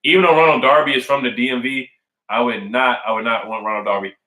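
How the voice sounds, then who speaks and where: A man's voice: medium pitch, steady tone, quick pace, bright, forceful tone, reverberant, low-quality recording. A man casually chatting on a live stream, reading fan comments and repeating his points with emphasis. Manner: repetitive, emphatic, says "man" and "I really do" often. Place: at home indoors.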